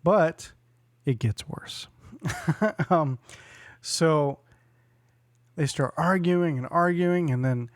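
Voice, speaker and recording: Man, forties, podcast co-host, casual storytelling, acts out quotes, slightly high voice, dry close sound. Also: drawn-out words, pauses often, no room sound. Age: 40s. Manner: animated storyteller who acts out quotes and laughs often.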